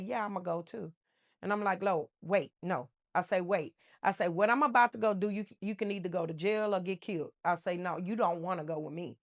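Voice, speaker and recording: A woman giving a personal testimony in a casual, emotional storytelling way, with many fillers and restarts. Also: lowish voice. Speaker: testimony speaker.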